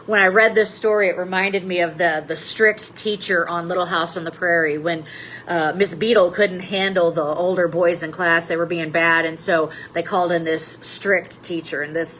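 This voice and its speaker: A woman's voice: lowish voice, fairly even intonation, moderate pace, a bit bright, a little hiss or hum, low-quality recording. A woman pastor giving a Lenten Bible study lesson, telling a story with dramatic emphasis.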